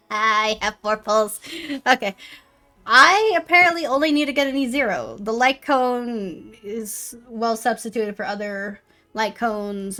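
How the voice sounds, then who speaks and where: A woman's voice: on the high side, a bit bright. A young woman streamer giving casual gameplay commentary, swearing and playing up mock-dramatic self-pity.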